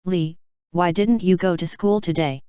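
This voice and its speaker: A woman's voice: lowish voice, unhurried, mellow, clean tone, no echo, highs cut off, natural voice. A woman reading the lines of a cheeky, boastful young man in an audiobook, in a plain read-aloud delivery.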